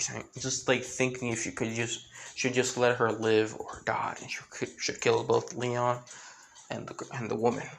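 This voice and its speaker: Man, casual fan-story narrator, gravelly, loose and rambling. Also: medium pitch, fairly bright tone, a little hiss or hum. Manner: rambling with many restarts and fillers.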